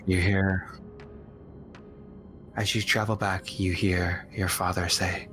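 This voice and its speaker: Man, game master, low voice, very slow, bright tone, halting descriptive narration, faint music behind. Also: level tone.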